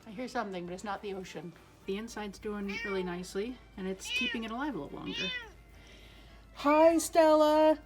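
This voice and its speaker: A woman hosting a casual cooking vlog in her home kitchen, chatty and self-mocking, laughing often. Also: medium pitch. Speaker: cooking show host.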